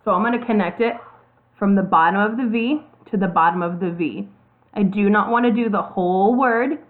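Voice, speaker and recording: A woman's voice: medium pitch, a little fast. Female teacher, patient step-by-step delivery, letters spelled out, narrow phone-like sound. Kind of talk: classroom video lesson. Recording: tinny phone-like audio.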